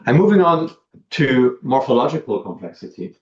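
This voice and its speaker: A man lecturing on linguistics, talking in a measured way with many ums and uhs as he works through examples. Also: medium pitch, very animated, darkish tone. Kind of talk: academic lecture. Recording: dull lo-fi sound, roomy, from a distance.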